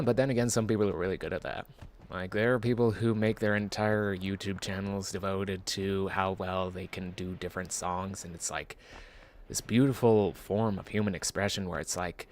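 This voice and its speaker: A man streaming a game, musing in a casual, rambling way with self-mocking asides. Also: fairly low pitch. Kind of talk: casual rambling gameplay commentary.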